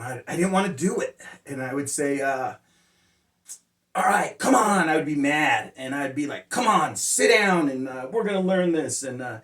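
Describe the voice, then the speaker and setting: Rambling man, distant and roomy. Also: on the high side. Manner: rambling, frequent "uh" fillers, blunt and profane. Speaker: motivational speaker sharing life lessons. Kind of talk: casual personal storytelling. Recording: roomy sound, distant mic.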